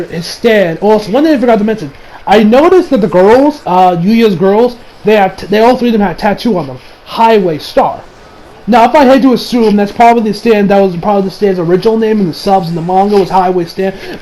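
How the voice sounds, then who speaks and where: High-pitched dude rambling thru an anime recap, swears a lot, keeps correcting himself, faint hiss behind. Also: male voice, warm tone, poor audio. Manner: rambling, profane, self-correcting. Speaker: anime reviewer. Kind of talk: casual episode recap.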